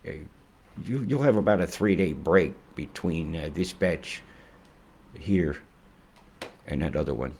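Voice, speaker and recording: Male online forecaster, deep voice, rambling and excitable, swears freely. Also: measured pace, pauses often, husky. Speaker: weather forecaster. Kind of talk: casual forecast vlog.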